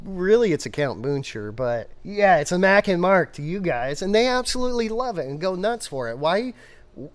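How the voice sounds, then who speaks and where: Chatty brewer guy rambling about beer, fairly high voice, gets excited and wanders off topic. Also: moderate pace. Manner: rambling, animated, digressive. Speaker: brewer and show co-host. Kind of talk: casual livestream chat.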